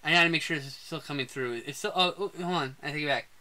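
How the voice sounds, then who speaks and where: A man co-hosting a podcast, chatting casually about a movie and ranting excitedly with lots of swearing. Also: a little high, quick pace, background noise. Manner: excitable, profane, laughing rants. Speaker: podcast co-host. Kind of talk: casual movie review chat. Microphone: desk mic on a live stream.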